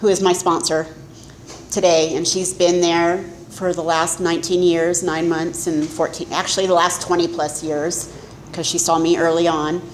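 A middle-aged woman speaks candidly about her own recovery at a meeting, mocking herself along the way. Her voice sits a little low. The room is echoey, with a faint hum of ambience behind her. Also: level tone, normal speed. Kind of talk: personal testimony talk.

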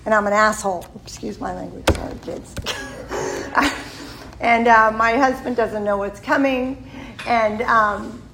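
A woman's voice: a little high, slow pace, creaky, pauses often, fairly bright tone, a little hiss or hum, rough recording. A woman in her sixties giving a candid, self-deprecating personal testimony at a recovery meeting. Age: 60s. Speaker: member sharing at a recovery meeting.

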